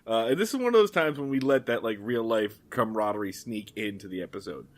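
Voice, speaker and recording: A man co-hosting a podcast, casually recapping a TV episode, animated and quick to laugh and act out lines. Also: fairly low pitch. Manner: animated, laughs often, acts out characters' lines. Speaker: podcast co-host.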